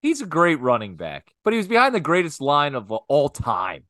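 A man's voice: a little high, huge pitch swings, moderate pace, pushed and bright, no echo, studio quality. A man co-hosting a casual podcast, telling a heated story with lots of swearing. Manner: heated, profane anecdote telling. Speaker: podcast co-host.

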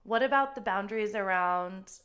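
Young woman host, eager and conversational, middle pitch, plays out quotes as she talks. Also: moderate pace, fairly bright tone. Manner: enthusiastic, acts out quotes in voices. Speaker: podcast host. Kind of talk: casual chat.

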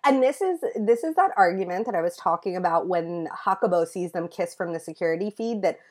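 A woman's voice: on the low side, expressive, fairly quick, darkish tone. Gushing woman recapping a TV series. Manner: gushing, enthusiastic, lots of "like". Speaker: podcast co-host recapping a show. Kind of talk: casual chat.

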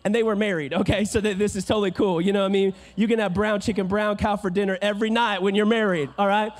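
A man preaching a sermon as a pastor, emphatic, swinging from hushed asides to loud declarations. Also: very high-pitched, fast talker.

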